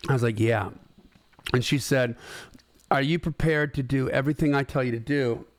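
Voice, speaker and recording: A middle-aged man telling a business story in a conversational, animated way, acting out the dialogue he quotes. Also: medium pitch, moderate pace, no echo, studio quality. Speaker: host. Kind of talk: storytelling talk.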